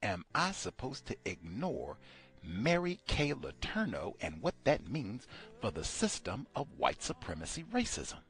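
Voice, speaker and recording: A man's voice: mid-range voice, huge pitch swings, a little slow, fairly bright tone. A man hosting a radio study session, talking emphatically and asking pointed rhetorical questions. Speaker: radio show host.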